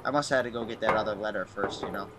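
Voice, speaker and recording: A man's voice: fairly low pitch, rapid-fire. A young man commenting on a horror game as he plays, jumpy and mocking himself as he talks to himself. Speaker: gaming YouTuber. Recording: noisy home recording with clicks.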